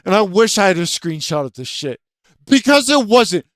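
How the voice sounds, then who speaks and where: A man hosting his own channel rants about a video game, rambling and profane, full of filler words, trying to keep his voice down late at night. His pitch is extremely high with big swings, his pace moderate, and his tone a bit bright, captured in a dry, clean studio recording.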